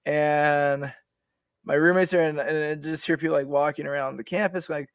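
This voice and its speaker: A man's voice: a little high, fairly even intonation, normal speed, vocal fry, dry recording. A man in his forties, a veteran guest on a podcast, telling his story in a rambling, casual way with many restarts and fillers.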